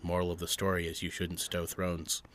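A man's voice: sits low, monotone, normal speed, a bit bright, slight background noise. A man telling long shaggy-dog pun stories in casual chat, rambling and restarting often. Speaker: joke teller.

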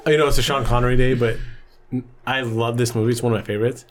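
A man's voice: medium pitch, steady tone, fast talker, slight background noise. A man in casual chat, laid-back, mostly adding short remarks.

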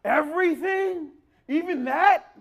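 A whining, overwhelmed child drags out every complaint, as a preacher puts the kid on. The voice jumps very high and loud, and the words are stretched slowly. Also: male voice, gravelly, heavily acted. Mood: whiny. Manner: drawn-out, whiny complaining. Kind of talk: preacher acting out a quote in a sermon.

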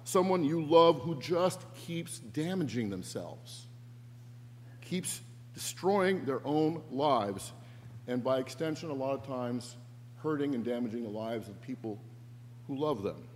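A man's voice: mid-range voice, expressive, measured pace. A man preaching a sermon as pastor, earnest and reflective, shifting his emphasis. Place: church sanctuary. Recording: echoey church with faint hum.

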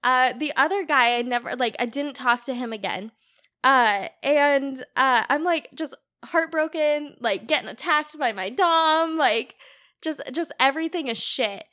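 Bright-voiced chatty woman guest. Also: high voice, a little slow. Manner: chatty storyteller, frequent "like" fillers, laughs easily. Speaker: podcast guest. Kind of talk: casual podcast chat.

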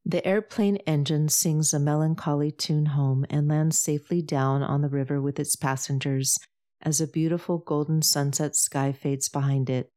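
A woman reading a novel aloud in steady scripted narration. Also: low voice, normal speed. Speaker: audiobook narrator.

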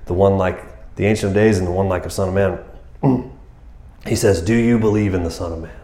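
A man giving a casual, animated sermon, talking to the listeners like friends. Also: low voice, fairly quick. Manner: animated, casual, keeps saying "man" and "you know". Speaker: preacher. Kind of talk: conversational sermon. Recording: roomy echo.

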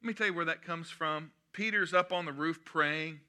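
Bright-voiced preaching man. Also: on the high side, normal speed, clear, resonant tone. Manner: animated preaching with humorous asides. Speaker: pastor. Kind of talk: sermon.

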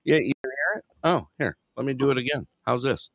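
Lively upbeat male radio host. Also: medium pitch, a little fast, gravelly. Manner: upbeat, laughing, greets callers. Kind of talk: casual talk radio chat.

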